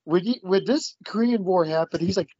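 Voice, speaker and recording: A man's voice: high-pitched, fairly quick, mellow, husky, no room sound. A man chatting casually, stumbling and repeating words and laughing often. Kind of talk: casual chat. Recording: muffled dry sound.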